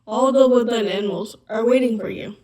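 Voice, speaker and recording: A woman voicing a kindly, wise woodland owl in a whispered role-play with a gentle, coaxing manner. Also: fairly high pitch, fairly quick, slight background noise, close to an everyday voice.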